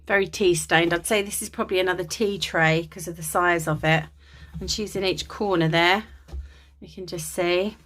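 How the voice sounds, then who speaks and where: A woman's voice: on the low side, slight background noise. A woman from England giving a chatty, gushing show-and-tell of vintage linens from a dim room at home. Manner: gushing and chatty, with many ums. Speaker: crafter showing vintage linens. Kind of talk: casual show-and-tell vlog.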